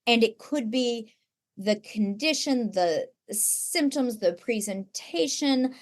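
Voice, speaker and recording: A woman's voice: a little high, expressive, slow. A woman author talking as a podcast guest, earnest and at times close to tears. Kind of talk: emotional podcast conversation.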